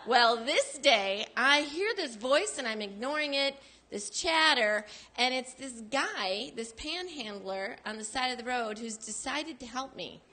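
A woman from Michigan doing stand-up, telling stories in a boastful, animated way. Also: high voice, measured pace. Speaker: stand-up comic. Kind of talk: stand-up set.

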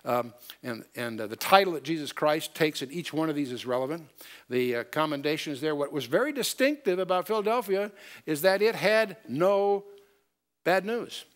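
A man's voice: fairly high pitch, expressive, moderate pace. A man giving a Bible study lecture, explaining step by step and quoting scripture in old-style wording. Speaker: Bible teacher.

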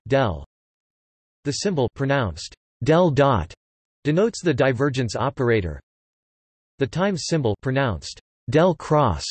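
Flat synthetic male reading voice. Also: mid-range voice, breathy edge, no echo. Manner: flat synthetic reading, spells out formula code letter by letter. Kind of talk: text-to-speech article reading.

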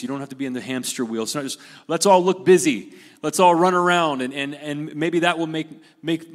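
Earnest male preacher in a reverberant hall. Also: on the high side. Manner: earnest preaching, repeats key phrases, drops voice softly at line ends. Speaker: pastor. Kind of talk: sermon.

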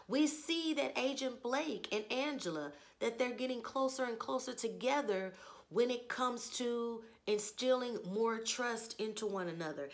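A woman with a hoarse voice from losing it, hosting a chatty, opinionated TV episode review with rhetorical questions. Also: fairly high pitch, fairly bright tone. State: hoarse, lost her voice. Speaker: TV review channel host. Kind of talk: casual spoken TV episode review.

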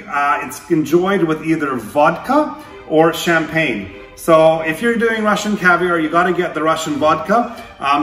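Male cooking host, slightly high voice, relaxed and chatty, echoey room. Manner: relaxed, chatty, with frequent filler words. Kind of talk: casual cooking demonstration.

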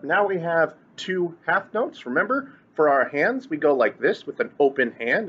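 Chanting note syllables and cheering on his young students, a music teacher shows grade schoolers how to read rhythms during an online lesson shot on camera in a classroom or at home. His voice sits on the high side, a bit bright and husky, and the lo-fi recording sounds dull.

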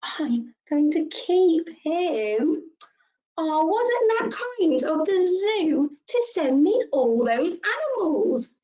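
A woman leading a children's story session, talking to toddlers in an animated sing-song way, gasping with delight and coaxing them to join in. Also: sits high, takes it slowly, dull audio. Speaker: early years practitioner.

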